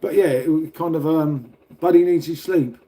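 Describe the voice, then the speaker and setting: Pria Inggris santai, suara agak tinggi namun gelap. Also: male voice, a little high, moderate pace, mellow. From Britain. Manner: rambling, laughing, swearing, talking to viewers. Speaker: livestreamer reading chat. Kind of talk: casual live chat. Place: indoors at home next to a radiator.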